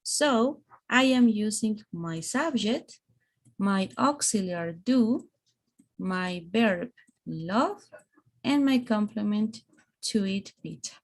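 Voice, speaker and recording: Slow, patient woman teaching English grammar. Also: medium pitch, animated. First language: Spanish. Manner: patient, explains step by step with many "okay"s. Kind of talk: online English grammar lesson.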